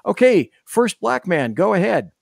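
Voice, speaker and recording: A man's voice: sits high, very animated, a little slow, vocal fry, no echo, clean studio sound. A man on a political panel, reading a news article aloud in a casual way.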